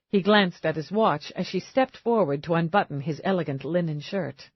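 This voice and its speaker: A woman reading an audiobook novel aloud in a measured, expressive narration style. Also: on the low side, breathy edge, no room sound, dull audio. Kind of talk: scripted narration.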